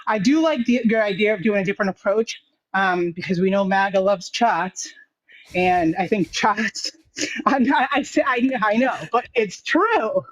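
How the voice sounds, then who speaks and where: A woman with a Boston accent calling in to a live stream, chatty and quick to laugh. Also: medium pitch, no echo. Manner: chatty, laughs easily, jokey. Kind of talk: casual chat. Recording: dull lo-fi, dry.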